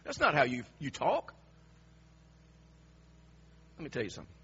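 A man preaching a sermon, dropping to hushed lines and then rising to emphatic, raised passages. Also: medium pitch, huge pitch swings, moderate pace, husky, muffled recording.

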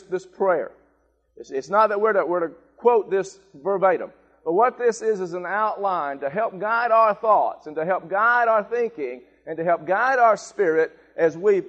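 A male pastor with a fairly high voice preaches an emphatic sermon. He repeats his points and swells into shouted calls for the congregation to repeat after him. The sound carries the long reverb of a church hall. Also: dull audio. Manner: emphatic, rising to shouted call-and-response. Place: church sanctuary.

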